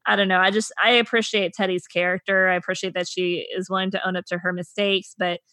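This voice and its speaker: Bright young woman, reflective co-host. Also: fairly low pitch, level tone, quick pace, no echo. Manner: thoughtful, reflective commentary with hedging fillers. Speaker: podcast co-host. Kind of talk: casual chat.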